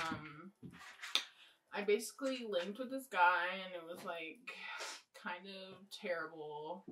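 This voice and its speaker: A young adult woman chats while she does her makeup for a get-ready-with-me video. Her voice is bright and pushes forward, and she rambles bluntly with casual swearing. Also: on the low side, a little hiss or hum, low-quality recording. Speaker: beauty vlogger.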